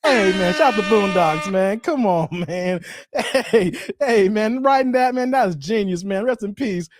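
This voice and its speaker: A man's voice: sits high, unhurried, over music. A man, chatting casually with viewers, laughing often and repeating "hey, man" in playful banter. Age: 40s. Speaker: YouTube host. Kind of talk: casual live-stream chat reading viewer comments.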